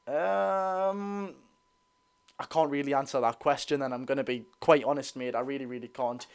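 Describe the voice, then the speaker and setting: A man's voice: medium pitch, steady tone, moderate pace, clean tone. A young man with a Geordie accent hosting a casual live football watch-along, reading out viewer comments and chatting to his audience. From North East England. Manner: chatty, reads viewer comments aloud, calls chat lads and lasses. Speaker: football fan livestream host.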